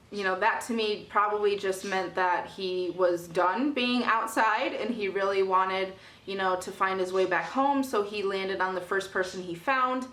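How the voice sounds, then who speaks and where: A woman's voice: medium pitch, a bit bright, roomy sound. A young woman telling a casual storytime about her parrot, chatty, with many fillers. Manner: chatty, many ums and you-knows. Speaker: parrot vlogger.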